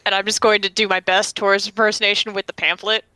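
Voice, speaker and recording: A woman's voice: medium pitch, flat delivery, fast, bright, forceful tone, low-quality recording. A woman playing a tabletop game, playful and giggly. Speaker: player. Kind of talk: casual tabletop play.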